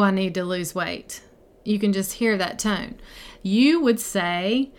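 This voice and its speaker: A middle-aged woman coaching her listeners in a relaxed, chatty way. She speaks directly and encouragingly, as if talking to friends in a group. Her voice sits at an ordinary pitch for a woman. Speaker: mindset coach and podcast host. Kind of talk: casual live teaching to a group.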